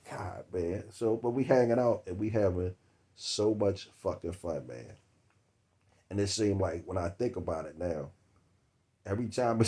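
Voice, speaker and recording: A man, telling a long comic story about a date that cost him, laughing between words and swearing freely. His voice sits a little low. The delivery is loose and conversational. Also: mellow. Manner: profane, laughing through the story. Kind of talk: comedic storytelling monologue.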